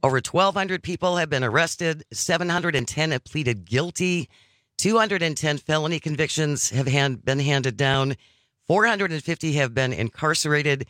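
Man, talk radio host, casual political chat, earnest, bright tone, dry studio sound. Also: fairly high pitch, lively intonation, normal speed, dry recording. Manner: conversational, earnest, argues point by point.

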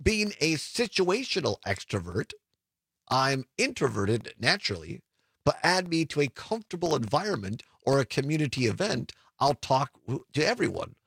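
A man hosting a radio talk show in casual, upbeat chat, laughing easily and slowing down for phone numbers. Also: mid-range voice, very animated, vocal fry, fairly bright tone, breathy edge, no echo.

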